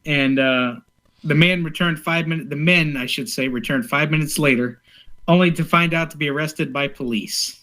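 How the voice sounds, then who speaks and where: A man's voice: fairly high pitch, normal speed, a bit bright. A man co-hosting a casual podcast chat, easygoing, reading out news items with many fillers. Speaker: podcast co-host.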